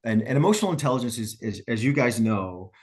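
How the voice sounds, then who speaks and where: Here is a middle-aged man speaking as a coaching guest, easygoing and conversational. His voice sits at an ordinary pitch. He tells anecdotes and keeps checking in with his listeners with a quick "right?". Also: lively intonation, darkish tone. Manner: storytelling, frequent "right?" tag questions. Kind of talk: conversational podcast interview.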